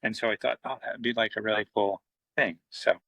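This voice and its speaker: A man's voice: on the low side, a little fast, dry recording, poor audio. A middle-aged man, a comic book writer, telling stories in a casual interview, acting out quoted dialogue with lots of fillers. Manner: animated, acts out quoted dialogue, many fillers.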